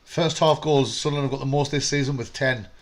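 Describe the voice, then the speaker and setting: Fast chatty bloke, co-host, casual football banter. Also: male voice, mid-range voice, fairly even intonation. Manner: quick, chatty storytelling with swearing. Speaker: co-host of a fan live stream.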